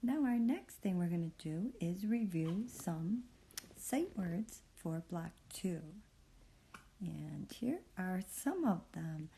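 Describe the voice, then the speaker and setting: A woman teaching a phonics reading lesson, patiently sounding out words and praising the learner in a soft, encouraging way. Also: lowish voice, big pitch swings, slow, gravelly, a little hiss or hum.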